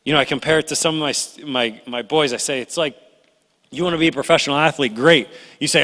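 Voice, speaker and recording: A middle-aged man delivers a conversational sermon with a bright, ringing voice. He tells the story in an animated way, slipping into complaining voices. His words hang in the long reverb of a church hall. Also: fairly high pitch, fast talker. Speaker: pastor. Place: church sanctuary.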